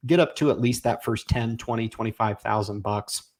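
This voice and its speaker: A man in his forties hosting a casual livestream, reading viewer comments and urging them on in an energetic, folksy way. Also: mid-range voice, normal speed. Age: 40s. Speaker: livestream host.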